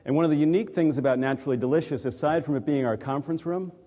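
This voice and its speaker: A man's voice: fairly high pitch, very fast, mellow. A man, an executive coach, telling a personal story to a live audience in a reflective, conversational way. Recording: reverberant hall.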